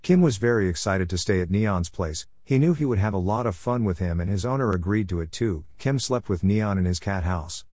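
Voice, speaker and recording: A man's voice: deep voice, lively intonation, fairly quick, hardly any pauses, darkish tone, no room sound, clean studio sound. A man reading a chapter story aloud in a plain storybook manner, with small restarts.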